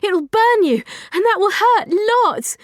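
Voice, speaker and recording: A woman voicing a flustered, anxious teenage schoolgirl who speaks in an urgent, high-strung way. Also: big pitch swings, measured pace, no room sound, clean studio sound, heavily acted. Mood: alarmed.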